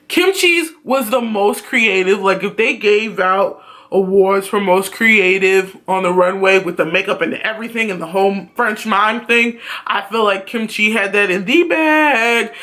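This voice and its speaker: A man giving a blunt, profane, animated ranting review on his vlog. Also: high voice, measured pace. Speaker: YouTube reviewer.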